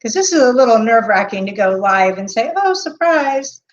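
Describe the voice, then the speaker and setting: A woman hosting a live stream as a medium. She talks off the cuff with many pauses and fillers, and greets chat viewers by name. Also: mid-range voice, expressive. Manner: hesitant, with frequent pauses and fillers. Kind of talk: unscripted live-stream talk. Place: indoor room. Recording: dull lo-fi webcam audio.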